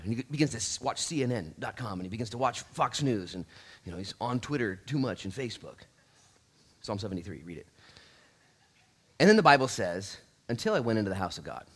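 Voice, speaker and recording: A man pastor giving a casual, animated sermon in church, laughing and acting out little asides. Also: fairly low pitch, husky.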